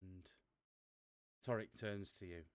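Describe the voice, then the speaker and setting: A man's voice: deep voice, fairly even intonation, takes it slowly, no room sound, studio quality. A man narrating as game master, rambling and correcting himself as he goes.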